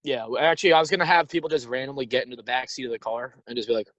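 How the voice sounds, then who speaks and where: Speaking at a medium pitch with a steady, slightly bright tone, this young podcast co-host rambles and jokes around while parked in his car. It's casual comedic chat captured on a phone in his hand, a dry recording with the highs cut off.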